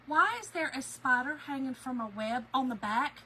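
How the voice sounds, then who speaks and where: A woman's voice: sits high, moderate pace, slight background noise, poor audio. A woman, chatting casually with her livestream viewers from home and telling stories with lots of laughter. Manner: chatty, animated storyteller, laughs often. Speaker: craft channel host.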